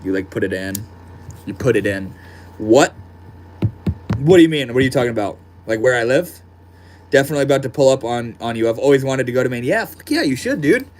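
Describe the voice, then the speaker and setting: A man's voice: medium pitch, quick pace, long pauses, darkish tone, slight background noise. A man live streaming from his desk at home, chatting casually and reading out viewer comments in a laid-back, slangy way. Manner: laid-back and slangy, calls people bro and dude.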